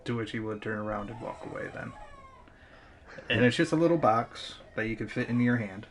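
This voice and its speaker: A man's voice: mid-range voice, fairly quick, a little hiss or hum. A man running a tabletop game as game master, rambling and slipping in laughs often. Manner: rambling, keeps saying "means of", laughs a lot.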